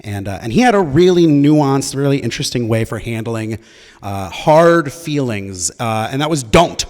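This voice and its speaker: A young man telling a personal story to an audience, conversational and halting, often restarting his sentences. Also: medium pitch, expressive, darkish tone, in a large hall.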